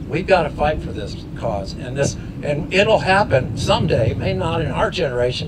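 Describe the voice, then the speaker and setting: Male emcee, rousing and folksy, slightly high voice; noisy outdoor recording. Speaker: rally emcee. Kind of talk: outdoor rally speech. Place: outdoors at a riverside lock.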